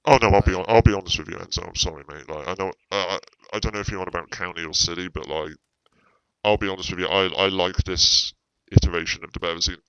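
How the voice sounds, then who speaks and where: A man's voice: low-pitched, fast, a bit bright, clean tone, no room sound, highs cut off. A man talking in character during a roleplay stream, rambling, repeating himself and swearing freely.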